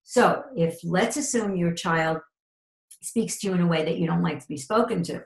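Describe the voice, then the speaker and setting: A woman's voice: lowish voice, moderate pace, vocal fry. A middle-aged woman explaining parenting ideas in an interview, often acting out quoted dialogue, over a video call. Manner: animated, acts out quoted dialogue. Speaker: parenting expert guest. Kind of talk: interview, explaining with acted examples. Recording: echoey room.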